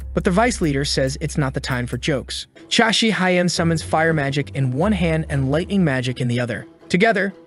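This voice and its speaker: A man narrating a story recap in a steady, even delivery. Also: a little high. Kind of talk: scripted narration. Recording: faint background music.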